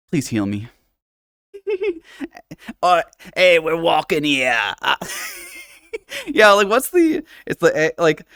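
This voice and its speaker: A man's voice: medium pitch, no echo. Rambling, laughing male streamer, dry sound. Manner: rambling, fillers and restarts, frequent laughs; swears casually. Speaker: livestreamer. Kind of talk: casual live-stream chat. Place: home setup playing in virtual reality.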